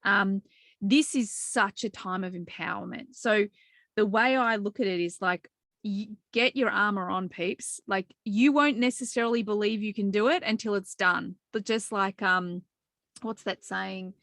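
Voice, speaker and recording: A woman hosts a spiritual chat with real excitement, dropping the odd swear word. Her voice sits in a middle range. It is recorded close and dry, with no room sound. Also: medium pitch, unhurried, no echo. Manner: enthusiastic, swears casually. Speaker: podcast host.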